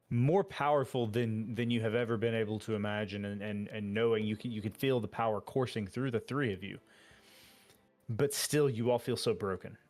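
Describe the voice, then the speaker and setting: A man narrating a tabletop game as game master, describing scenes in an unhurried way. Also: fairly low pitch.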